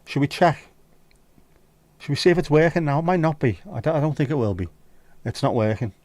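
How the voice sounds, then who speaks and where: A man's voice: a little high, expressive, brisk, a little mellow, no room sound. A man hosting a livestream, chatting casually and jokily with his viewers. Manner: chatty, jokey banter. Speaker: livestream host.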